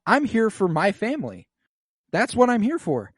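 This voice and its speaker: A man's voice: high-pitched, wildly swooping pitch, normal speed, breathy edge, no echo, studio quality, voice pushed up, exaggerated voice. A man voicing a snippy, self-serving young queen in a sassy, profane parody.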